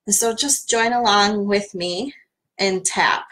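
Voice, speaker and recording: A woman leads a live-streamed tapping session in a gentle, soothing voice. Her pitch sits in an ordinary middle range. She talks plainly, with frequent fillers, as she coaches listeners through the steps. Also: slow pace, low-quality recording.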